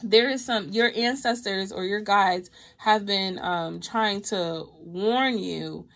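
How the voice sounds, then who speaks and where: Animated, laughing tarot reader woman. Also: medium pitch, slow pace, vocal fry. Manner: animated, swears freely, laughs often. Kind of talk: live tarot reading chat.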